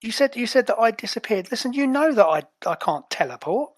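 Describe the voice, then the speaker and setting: A man voicing a flustered female superhero agent, talking fast and indignant in a raised voice. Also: very high-pitched, very animated, voice pushed up, exaggerated voice. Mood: indignant exasperated.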